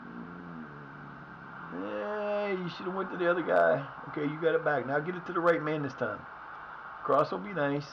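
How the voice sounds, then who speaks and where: A man streaming a football management game live, cursing and shouting at his players. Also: on the high side, normal speed, vocal fry, dull audio, background noise. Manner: animated, swears, yells at the game. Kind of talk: live gameplay commentary.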